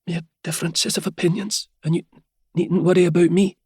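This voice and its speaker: A man's voice: high voice, flat delivery, brisk, slightly rough, dry recording, clean studio sound, voice pushed up. A man narrator voicing a cheerful, feverish young Scottish woman who stammers as she shivers. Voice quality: soft and stammering.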